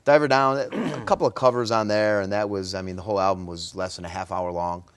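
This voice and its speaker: A male guest telling music history in a relaxed, filler-heavy way during a casual interview. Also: lowish voice, fast talker, clear, resonant tone.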